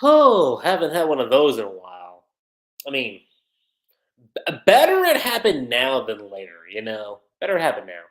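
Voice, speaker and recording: A host retelling a manga chapter on a casual livestream, chatty and quick to laugh. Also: mid-range voice, wildly swooping pitch, fairly bright tone, roomy sound. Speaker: manga reviewer.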